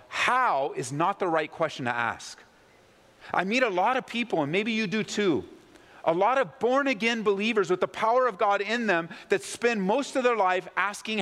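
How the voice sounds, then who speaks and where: A man preaching a sermon as pastor, swinging between loud, pleading questions and low, hushed emphasis. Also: in a large hall. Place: church sanctuary.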